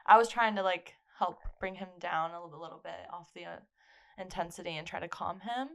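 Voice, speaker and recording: Gravelly young woman telling a story. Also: lowish voice, a little fast, fairly bright tone. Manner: storytelling with frequent "like" fillers. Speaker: podcast co-host. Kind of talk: casual chat.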